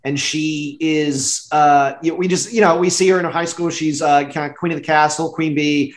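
A man's voice: on the high side, steady tone, moderate pace. Rambling man with roomy echo. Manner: rambling, filler-heavy, laughs often. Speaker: podcast co-host. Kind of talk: casual chat reviewing a movie.

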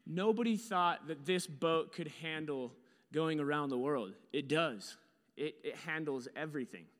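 A man's voice: fairly high pitch, a little slow, fairly bright tone, big-room sound. A young man telling a story with slides in a casual, rambling way. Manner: casual, rambling, lots of fillers.

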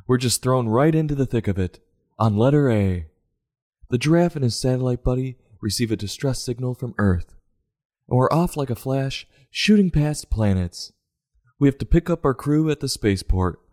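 A man's voice: medium pitch, mellow. A man giving a comedic, sarcastic review of a children's book in a mock-exasperated way.

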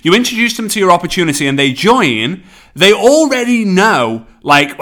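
A man with a Scouse accent hosting a solo motivational podcast as a network marketing coach, speeding up in bursts and slowing down for emphasis. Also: high-pitched. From England. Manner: energetic, pace swings between quick bursts and slow emphasis.

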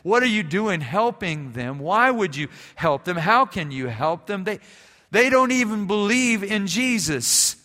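A man's voice: high-pitched, sing-song, unhurried, bright, forceful tone, voice pushed up, exaggerated voice. A man voicing an indignant young male seminary student who fires off outraged questions, in an echoey sanctuary.

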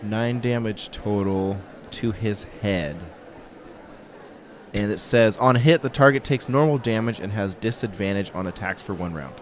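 A man playing a tabletop game who explains the rules and his moves in a deliberate way. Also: on the low side. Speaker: player. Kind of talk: casual tabletop game chat.

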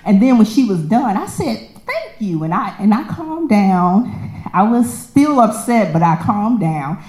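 A woman tells a personal story in a lively, conversational way. She slips into the voices of the people she quotes and laughs along the way. Her mid-range voice rings in an echoey room. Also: medium pitch, unhurried. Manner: animated, acts out quoted voices, laughs often. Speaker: storyteller sharing a personal testimony. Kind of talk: casual storytelling with scripture.

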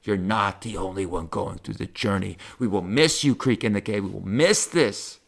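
A middle-aged man, a stand-up comedian, telling personal stories in a profane, heartfelt, animated way. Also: fairly low pitch, moderate pace, vocal fry. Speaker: stand-up comedian, podcast host. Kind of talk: personal storytelling monologue.

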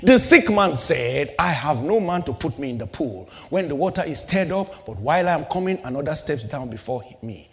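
A man's voice: fairly high pitch, very animated, normal speed, gravelly, hardly any pauses, a bit bright. A middle-aged male pastor preaching a sermon, asking rhetorical questions and building and dropping his intensity, in a church hall. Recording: long hall reverb.

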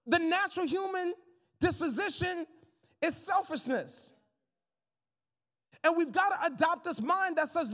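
High-voiced man preaching a lively sermon. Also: normal speed, in a large hall. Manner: lively, conversational preaching with jokes and asides to the congregation. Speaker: pastor.

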